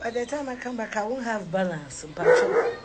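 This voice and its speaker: A woman's voice: a little high, huge pitch swings, normal speed, loud music behind the voice. A middle-aged woman with a Ghanaian English accent, vlogging with her sons in a car, mock-crying, laughing and teasing them. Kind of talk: casual family vlog.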